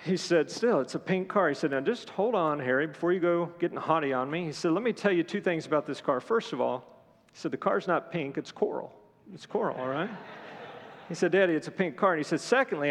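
A man's voice: a little high, in a large hall. A man preaching a sermon as pastor, earnest and mixing scripture with storytelling asides.

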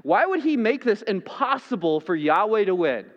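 A man preaching a sermon as pastor, dramatic, swinging from loud to hushed. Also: high voice, sing-song, normal speed, big-room sound, dull audio.

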